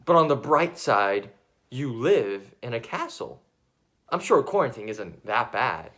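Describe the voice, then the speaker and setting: A man's voice: medium pitch, big pitch swings, measured pace, a bit bright. A man playing an awkward, hesitant reporter in a comedy news sketch. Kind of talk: mock news interview.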